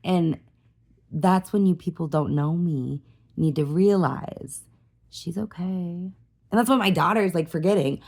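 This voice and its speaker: Gravelly low-voiced woman rambling casually. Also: measured pace, darkish tone. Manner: rambling, restarts often, lots of "like" and "you know"; emotional, easily worked up. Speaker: vlogger. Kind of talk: casual personal vlog.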